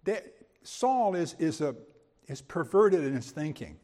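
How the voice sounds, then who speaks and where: A man's voice: a little high, big pitch swings, measured pace, mellow, in a large hall. A man teaching a verse-by-verse Bible sermon in a conversational way, with quips and rhetorical questions. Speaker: preacher.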